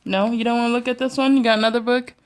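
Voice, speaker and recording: A woman's voice: a little high, little pitch movement, rapid-fire. A young mother at home in her bedroom, talking to her toddler in coaxing, sing-song baby talk and often laughing. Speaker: vlogger mother.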